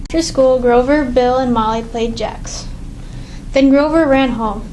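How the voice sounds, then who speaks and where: A woman reading a children's picture book aloud in a clear, measured storytelling manner. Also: high voice, warm tone, slight background noise, low-quality recording. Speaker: reader.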